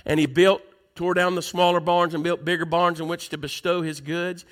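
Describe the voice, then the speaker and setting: A man's voice: fairly high pitch, little pitch movement, normal speed. A man preaching a sermon in church, reading scripture aloud and asking the congregation questions.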